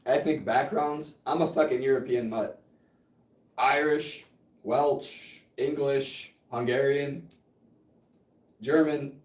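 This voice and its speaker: A man's voice: mid-range voice, steady tone, slow pace, long pauses, far from the mic. A man co-hosting a casual podcast who banters bluntly and swears a lot. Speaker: podcast co-host. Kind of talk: casual chat. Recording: roomy, off-mic.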